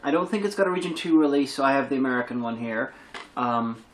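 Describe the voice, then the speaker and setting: A woman's voice: a bass voice, fast. A woman hosting a casual film review chat, gleeful and swearing freely. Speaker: host.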